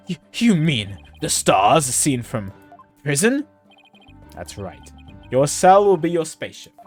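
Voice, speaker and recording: A man voicing a smug, menacing male prosecutor in a low, slow, mocking tone.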